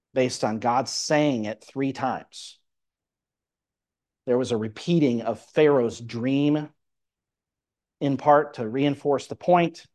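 A man's voice: medium pitch, darkish tone. A man preaching, explaining a Bible passage verse by verse and reading scripture aloud. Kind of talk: Bible teaching sermon.

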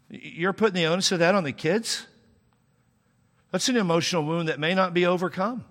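A man's voice: high-pitched, normal speed, sharp tone. Man preaching in a reverberant hall. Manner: conversational preaching with humor and sudden emphatic rises. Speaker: pastor. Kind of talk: sermon.

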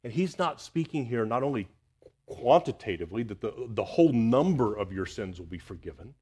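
Male pastor, husky mid-pitched voice, earnest sermon delivery that swells and then sinks to a hush. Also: expressive, brisk. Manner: earnest preaching, swings from loud emphasis to hushed near-whisper.

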